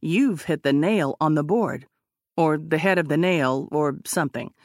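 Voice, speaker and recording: A woman's voice: low-pitched, a little slow, dry recording, studio quality, voice pushed down. Woman voicing a quirky young male intern. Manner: rambling, conspiratorial.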